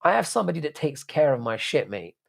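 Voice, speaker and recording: A man's voice: on the high side, big pitch swings, quick pace, creaky. A man with a strained throat hosting a livestream, reading out chat and bantering back in a laddish, sweary way. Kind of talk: casual live stream chat.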